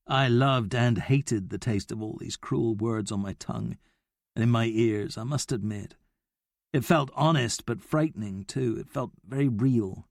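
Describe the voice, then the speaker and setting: A man's voice: mid-range voice, unhurried, vocal fry, no echo. Man narrating an audiobook, dry close voice. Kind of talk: scripted first-person narration.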